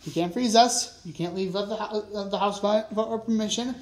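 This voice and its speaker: A woman's voice: medium pitch, a little fast, reverberant, background noise, natural voice. A woman voicing a grumpy, stubborn male skeleton who speaks curtly. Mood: stern. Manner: grumbling, curt.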